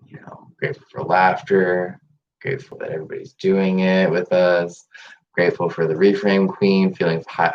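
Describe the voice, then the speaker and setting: A man hosting a casual live-streamed guided meditation, upbeat and chatty, laughing often. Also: low-pitched. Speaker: meditation host. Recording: dull lo-fi live-stream audio with faint noise.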